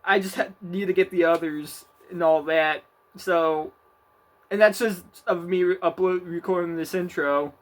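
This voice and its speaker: High-voiced man rambling over gameplay. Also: steady tone, measured pace, no echo. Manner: rambling, profane, restarts sentences a lot. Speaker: gaming video creator. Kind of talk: casual gameplay commentary.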